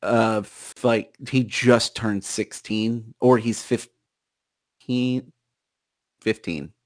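A young man in casual chat, telling a story in an animated way and acting out his friends' lines. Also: on the low side, drawn-out words, no room sound, clean studio sound.

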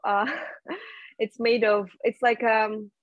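A young woman from Russia, speaking English as an in a casual interview, halting with many fillers and restarts. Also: a little high, level tone, narrow, tinny audio, slight background noise. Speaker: guest.

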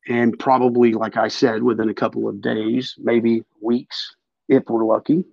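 A man's voice: medium pitch, fairly even intonation, measured pace, gravelly, darkish tone, no echo, dull audio. A man hosting a podcast, talking in an emphatic, profane, ranting way. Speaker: podcast host. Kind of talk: casual political chat.

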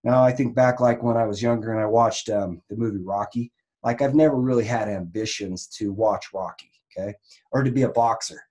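A man's voice: fairly low pitch, a little fast, mellow. A man who works in online marketing for a raw vegan health business gives a casual, rambling teaching talk, full of restarts and fillers.

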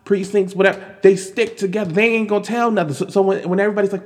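A man giving casual, animated commentary on news, exasperated and full of restarts and fillers. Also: high voice, fast talker. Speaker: commentary vlogger. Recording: long hall reverb.

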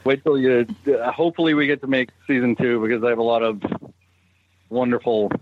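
A man from Brockton telling a story in casual chat, animated and profane. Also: medium pitch, brisk, phone-quality sound, slight background noise. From Brockton, Massachusetts.

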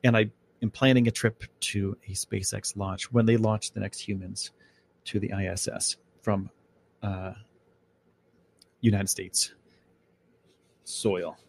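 A man's voice: fairly low pitch, flat delivery, slow, gravelly, long pauses, slight background noise. A man hosting a casual live podcast, talking in a loose, rambling, chatty way full of fillers, from home. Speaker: podcast host.

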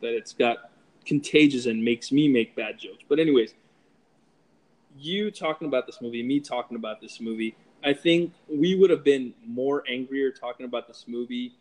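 A man's voice: medium pitch, moderate pace, poor audio. Hesitant man discussing a movie. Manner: hesitant, repeats words, easygoing. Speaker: podcast co-host. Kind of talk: casual movie review chat.

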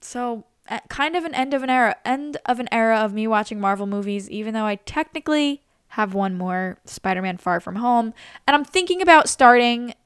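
A woman's voice: on the high side, expressive, brisk, smooth, dry recording, clean studio sound. A woman of twenty-three chatting casually and gushing about what she has watched, full of "like" and "literally". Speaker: vlogger. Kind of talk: casual chat.

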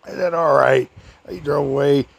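An older man casually telling a rambling personal story, chuckling often and raising his voice high to act out other people's lines. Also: moderate pace, gravelly, breathy edge, no room sound.

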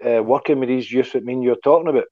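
A man's voice: mid-range voice, rapid-fire, dry recording, dull audio. A Scottish man in casual chat, talking earnestly and keeps asking "you know what I mean".

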